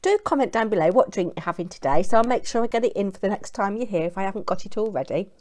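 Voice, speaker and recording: Chatty british lady vlogging from home, bouncy lively voice, a bit hyper. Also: medium pitch, quick pace. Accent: British English. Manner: chatty, bubbly, talking while eating. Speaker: craft channel host. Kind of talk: casual chat to camera.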